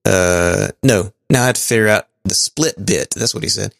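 A man's voice: on the low side, moderate pace, creaky, few pauses, fairly bright tone, no echo, studio quality. A man co-hosting a podcast, reading out listener messages in a casual, stumbling way with small chuckles. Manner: stumbling, chuckling, thinking aloud. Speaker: podcast co-host.

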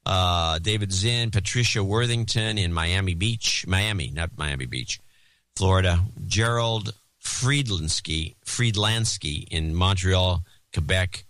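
A man with a fairly low voice reads a list of donors on a casual talk podcast, with banter between the names. He plays with the names he mangles. The sound is dry and close. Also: slow, fairly bright tone, no echo. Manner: jokey, mangles and repeats foreign names. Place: Oakland, California.

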